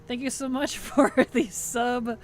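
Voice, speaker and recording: A woman's voice: a little high, fairly even intonation, slow pace. A woman streamer in casual livestream chat, thanking subscribers, answering chat and giggling often.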